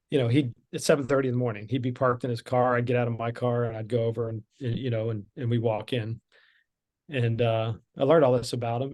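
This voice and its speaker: A man's voice: mid-range voice, darkish tone. A middle-aged man telling his story as a podcast guest, candid and conversational with frequent fillers and restarts.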